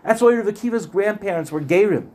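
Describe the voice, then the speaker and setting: Man, high voice, earnest Torah class, storytelling, repeats phrases for emphasis. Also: lively intonation, fast talker, darkish tone. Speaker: Torah teacher.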